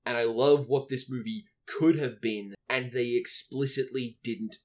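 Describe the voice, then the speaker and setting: A man's voice: mid-range voice, steady tone, unhurried. An Australian man co-hosting a casual podcast chat, wry and grumbling. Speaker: podcast co-host.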